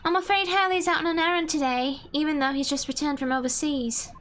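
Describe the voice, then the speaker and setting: A woman's voice: high voice, fairly even intonation, brisk, a bit bright, soft background music, voice pushed up. A woman reading game dialogue aloud, voicing a small, cheerful young girl inventor in a chirpy, prim and polite way.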